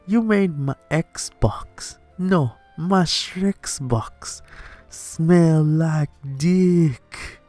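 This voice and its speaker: A man putting on a bossy, grumpy big ogre, stretching each word out slowly and gruffly. The voice sits a bit higher than an ordinary ogre would, with faint game music behind it. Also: warm tone, dry recording. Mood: mock-angry.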